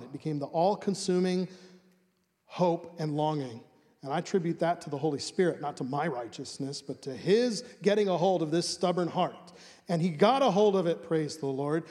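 Earnest preacher with a ringing hall. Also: male voice, a little high, darkish tone. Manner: emphatic, earnest, repeats words for stress. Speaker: pastor. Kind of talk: sermon.

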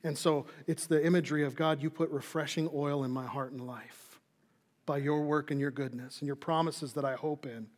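A fairly high-voiced man preaches a sermon to his congregation. He is earnest, builds to emphatic peaks and falls to soft, quiet endings. His voice rings out with a long hall reverb. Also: fairly even intonation, moderate pace. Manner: earnest preaching, rising to emphatic, dropping soft for closing lines. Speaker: pastor.

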